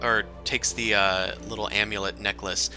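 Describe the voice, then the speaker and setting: A man narrating as game master of a tabletop game, halting and full of fillers. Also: fairly low pitch, fairly even intonation, music in the background.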